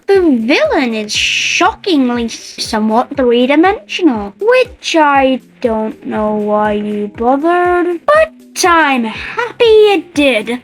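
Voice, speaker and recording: A woman's voice: high-pitched, rough recording. A young woman giving casual, enthusiastic and opinionated film ranking commentary, full of jokes. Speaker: film reviewer.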